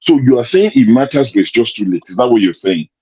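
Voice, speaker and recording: A man's voice: mid-range voice, expressive, quick pace, highs cut off, crowd noise. A Nigerian man hosting an online discussion, arguing his case with pointed rhetorical questions. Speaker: host.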